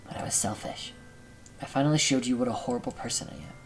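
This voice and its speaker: A shy, sad teenage girl from a visual novel speaks in a quiet, subdued way, as a man reads her lines aloud. Her words come out soft and fragile. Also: mid-range voice, fast talker, faint music behind, close to an everyday voice, rough recording. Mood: hurt, subdued. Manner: quiet, subdued, hurt reading. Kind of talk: reading game dialogue aloud.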